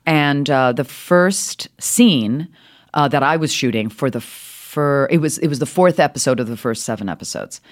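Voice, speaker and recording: A middle-aged woman, an actress, telling animated stories in an interview, her voice leaping up with laughter and acted-out lines. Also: normal speed. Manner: lively, swings high with laughter and voices. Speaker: actress guest.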